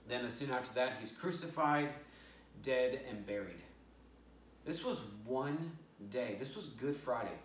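A man's voice: mid-range voice, lively intonation, unhurried, a little hiss or hum. An American man preaching a storytelling sermon as a pastor, stumbling and repeating words as he acts out the voices in the story. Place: church sanctuary. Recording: roomy church audio, speaker distant from mic.

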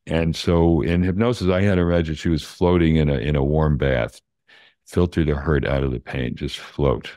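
An older man, a neuroscience professor, calmly explaining brain science in plain terms during a conversation. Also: a bass voice, moderate pace, no echo, clean studio sound.

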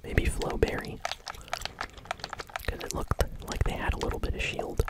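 Soft whispering gum-chewing gameplay host. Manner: chewing bubblegum while talking; relaxed, unhurried, with small hesitations. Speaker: gaming channel host. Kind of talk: whispered ASMR gameplay commentary.

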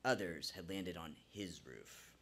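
A man's voice: low-pitched, expressive, measured pace, gravelly, a bit bright. A man performing a live true story on a small venue stage, narrating vividly and theatrically into a stage microphone.

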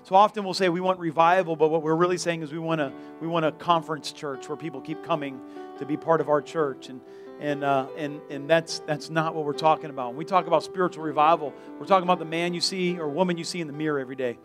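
A man's voice: on the high side, fairly even intonation, quick pace, music in the background. A man pastoring a church, preaching casually with jokes and energy. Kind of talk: sermon. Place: church sanctuary.

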